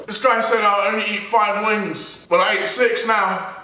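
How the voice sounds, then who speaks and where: A man's voice: high voice, steady tone, measured pace. A young man vlogging a food challenge, groaning and exclaiming dramatically. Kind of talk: casual challenge vlog. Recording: echoey room.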